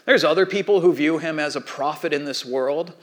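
Animated storytelling pastor, man. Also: on the high side, fairly quick. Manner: storytelling, animated voices for quoted kids. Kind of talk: sermon.

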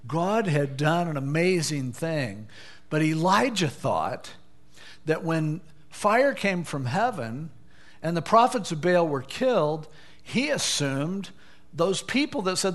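Animated preacher man retelling a story. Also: fairly high pitch, slow. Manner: lively storytelling, acting out dialogue. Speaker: pastor. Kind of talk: sermon.

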